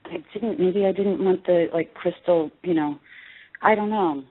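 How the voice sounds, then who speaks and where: A woman's voice: lowish voice, a little slow, slightly rough. A woman in her forties, an interview guest chatting casually, laughing often and searching for her words. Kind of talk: casual chat. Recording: tinny phone line.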